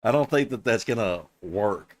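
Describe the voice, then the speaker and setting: A man with a low voice, streaming from a close, dry desk mic. He reacts to a clip with sarcastic, exasperated commentary and swears freely. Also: expressive, moderate pace, no echo.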